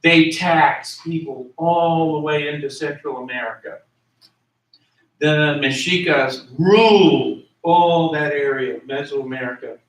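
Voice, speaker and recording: Slow, echoey lecturing man. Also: a little high. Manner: explanatory, repeats and spells out terms. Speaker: history lecturer. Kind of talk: classroom lecture. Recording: echoey room, voice from a distance.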